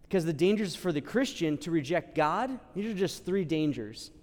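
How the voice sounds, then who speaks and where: A man's voice: on the high side, lively intonation, normal speed, darkish tone. Give me a chatty male priest preaching in a church with long reverb, acting out quotes as he goes. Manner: casual, conversational, many "like" fillers, acts out quoted lines. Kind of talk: sermon.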